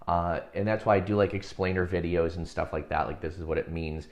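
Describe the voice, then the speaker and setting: Low-voiced man rambling on a livestream. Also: level tone, a little fast, darkish tone. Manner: rambling, many fillers, chuckles often. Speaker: hypnosis and success coach. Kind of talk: casual livestream chat reading viewer comments.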